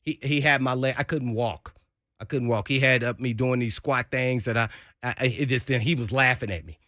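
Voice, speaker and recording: Male storyteller on sports radio, bright and dry, acts out quotes. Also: a little fast, no room sound. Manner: lively storyteller acting out quotes with big pitch jumps. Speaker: former NFL player telling a locker-room story. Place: radio studio.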